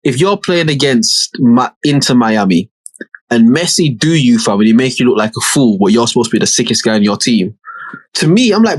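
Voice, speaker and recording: A man's voice: medium pitch, lively intonation, fairly quick, breathy edge. A young man, co-hosting a casual podcast and animatedly recapping a TV show with lots of swearing. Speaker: podcast co-host. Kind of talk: casual banter podcast chat.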